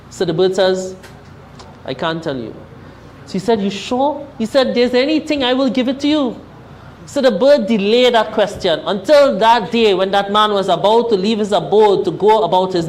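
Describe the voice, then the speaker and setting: A man's voice: high-pitched, a little hiss or hum, low-quality recording. Trinidadian man preaching a parable. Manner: keeps addressing listeners as "my dear friends", acts out the parable's dialogue. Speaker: funeral speaker. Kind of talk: storytelling sermon at a Hindu funeral.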